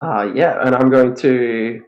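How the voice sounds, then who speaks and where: A man's voice: mid-range voice, unhurried, dull audio. A man playing in a tabletop game, joking and offhand, swearing casually. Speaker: player.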